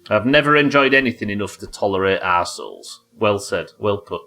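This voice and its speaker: A man's voice: animated, a little fast, pushed and bright. A man streaming a game live, chatting casually and swearing, yelping in tense fights. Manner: casual, profane, jokey; yelps high in tense fights. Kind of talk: live gameplay commentary.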